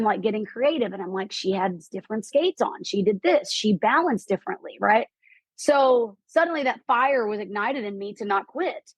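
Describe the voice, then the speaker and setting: Animated woman telling a story. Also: fairly high pitch, no room sound. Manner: animated, quotes herself and others in lively voices. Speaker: podcast guest, real estate investor. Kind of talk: storytelling in an interview.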